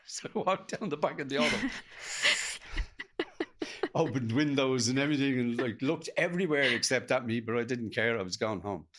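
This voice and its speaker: A middle-aged Irish man, a podcast guest, telling an emotional personal story in a halting way, acting out what others said to him. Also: mid-range voice, fairly bright tone. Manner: gravelly, halting, retells dialogue in quotes.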